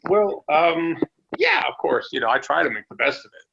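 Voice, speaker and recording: At a moderate pace and with a gravelly tone, a man tells road stories as an interview guest on a podcast, joining by call from home. His delivery is easygoing, punctuated by a silly high voice, though the recording is muffled.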